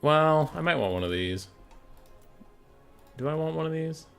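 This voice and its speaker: A man streaming a strategy game, chatting casually and brashly with his viewers, swearing freely and reacting out loud. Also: on the high side, measured pace, gravelly, clean tone, soft background music. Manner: brash, swearing, animated, talks to chat. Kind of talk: casual gaming stream chat.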